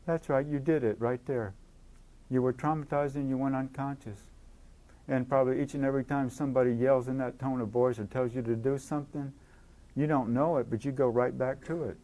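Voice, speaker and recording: Guy giving a recovery talk at a conference, earnest, keeps repeating words, mid pitch. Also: fairly even intonation, fairly quick, warm tone. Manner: earnest, repeats words, acts out inner voices.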